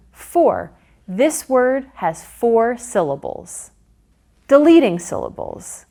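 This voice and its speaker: A woman reading a scripted teaching guide and pronouncing each syllable slowly and clearly. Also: mid-range voice, a little mellow. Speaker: curriculum narrator. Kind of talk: scripted instructional narration.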